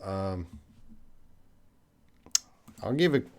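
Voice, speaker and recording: A Canadian-accented man teaching English on a live stream, reading viewers' questions and answering off the cuff. His voice sits fairly low, and he talks in loose, conversational bursts, with fillers and restarts as he works through each answer. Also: expressive, extremely slow, darkish tone, smooth. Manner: thinking aloud, many fillers and restarts, conversational.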